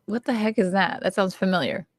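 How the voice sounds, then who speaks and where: A woman's voice: mid-range voice, a little fast, dry recording. A woman co-hosting a casual livestream chat in a playful, easygoing way, laughing often, talking over an online call. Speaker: co-host.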